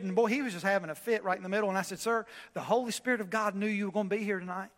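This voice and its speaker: A man preaching a sermon, telling a story with animated swings between loud preaching and quiet. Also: sits high, quick pace, big-room sound. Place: church.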